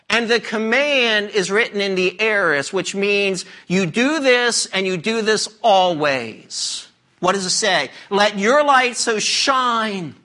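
A man's voice: high voice, sharp tone. A man preaching a sermon, emphatic and questioning the congregation directly. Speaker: pastor.

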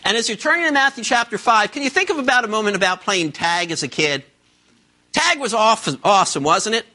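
A man's voice: high voice, lively intonation, fast, bright, forceful tone. A man preaching a sermon to a congregation in church, emphatic and full of rhetorical questions. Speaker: pastor. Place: church service before a congregation.

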